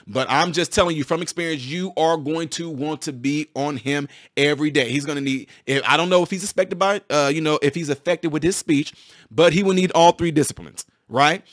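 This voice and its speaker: A man, a former physical therapist, explaining a medical topic to his viewers in a casual, excited way, often restarting and repeating phrases. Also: on the high side, fairly quick, dry recording, studio quality.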